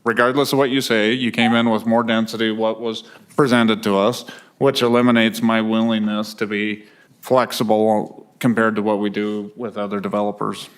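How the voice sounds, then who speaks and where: Male council member, low flat smooth voice, stumbles a bit, then firm. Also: normal speed. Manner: hesitant starts, then firm and direct. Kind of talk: council deliberation. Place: council chamber.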